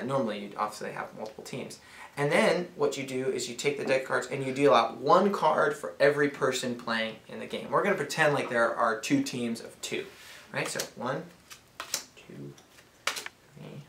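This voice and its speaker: A man's voice: medium pitch, lively intonation, normal speed, a bit bright. Playful, rambling man in a roomy echo. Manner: rambling, playful, full of fillers. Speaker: game explainer. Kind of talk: casual demonstration.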